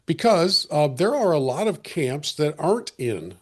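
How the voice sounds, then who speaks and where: A man hosting a podcast conversation, earnest and reflective, often restarting his sentences, and slightly hoarse as he loses his voice. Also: a little high, very animated, unhurried. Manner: earnest, with frequent restarts and fillers. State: losing his voice. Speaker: podcast host.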